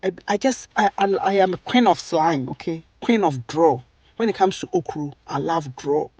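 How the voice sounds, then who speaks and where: A Ghanaian woman talks viewers through a recipe in a relaxed, chatty way, checking in with a quick "okay?" or "right?" after almost every step. The sound is dry and close, with no room echo. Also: fairly low pitch, breathy edge, lo-fi sound. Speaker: cooking vlogger. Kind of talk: chatty cooking tutorial.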